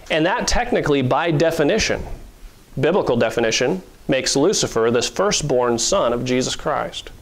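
A male pastor preaching a sermon in an earnest, conversational way, with fillers and soft chuckles. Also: a little high.

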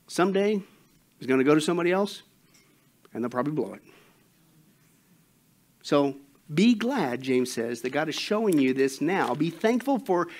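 Man, pastor, sermon, high voice, emphatic, animated storytelling.

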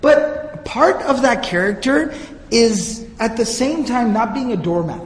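High-voiced man lecturing in an echoey hall. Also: expressive, a little slow. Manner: earnest storytelling, recites Arabic passages. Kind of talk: religious history lecture.

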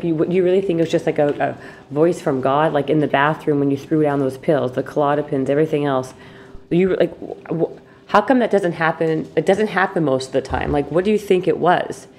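Low-voiced woman asking rambling questions. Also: a little mellow, slight background noise. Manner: halting, rambling questions with many restarts. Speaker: podcast host. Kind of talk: conversational interview.

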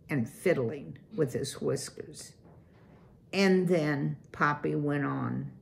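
A woman reading a children's chapter book aloud at a very slow, unhurried pace. Her voice sits fairly low and stays calm and even throughout the narration. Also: vocal fry.

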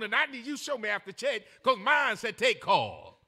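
An older male pastor, preaching a sermon in a folksy storytelling manner that builds to shouted emphasis. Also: very high voice, sing-song, normal speed.

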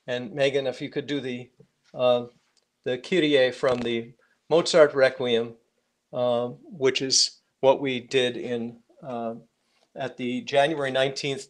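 Male class instructor, ordinary pitch, halting and searching, wraps up a music lesson. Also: steady tone. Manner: hesitant, gropes for words, many restarts. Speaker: music teacher. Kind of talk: live online class.

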